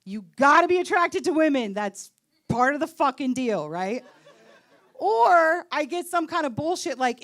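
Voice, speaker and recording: A woman in her late thirties works a comedy stage in a live stand-up set, her voice pitched high and swooping animatedly through each line. She lands her jokes with a wry, sarcastic edge, speaking into a handheld stage mic. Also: big pitch swings, a little slow, fairly bright tone. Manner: wry, sarcastic punchline delivery.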